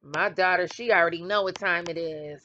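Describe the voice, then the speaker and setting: A woman's voice: lowish voice, moderate pace, noisy background. A middle-aged woman hosting casual gossip commentary, blunt and trash-talking, laughing often. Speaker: commentary channel host. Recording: dull lo-fi dry sound.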